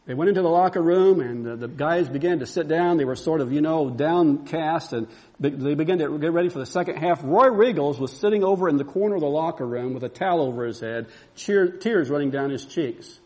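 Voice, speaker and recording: A man's voice: a little high, fairly quick, dark tone. A man preaching a sermon, telling a story and building to fervent, repeated exclamations.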